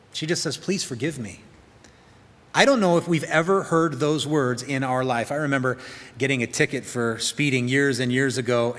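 Man preaching a sermon in a reverberant hall. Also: mid-range voice. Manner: storytelling, acts out quoted lines softly. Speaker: pastor.

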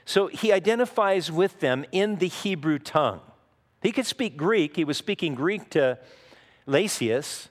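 A man's voice: fairly high pitch, expressive, unhurried. A man preaching a sermon as a pastor, teaching in an earnest, conversational way with frequent asides. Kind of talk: expository sermon. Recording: long reverb of a large hall.

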